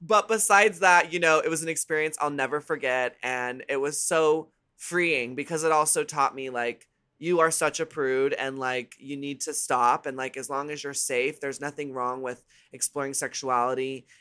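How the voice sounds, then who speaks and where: A woman as a podcast guest, telling candid, bawdy stories in a casual, animated way. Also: a bass voice, normal speed. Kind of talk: casual storytelling chat.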